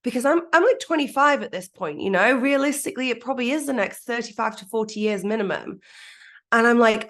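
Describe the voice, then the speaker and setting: A woman's voice: a little high, expressive, fast, a bit bright. A woman, a business coach guest telling her own story frankly, swearing casually and laughing at herself. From Manchester, England. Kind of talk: candid personal storytelling.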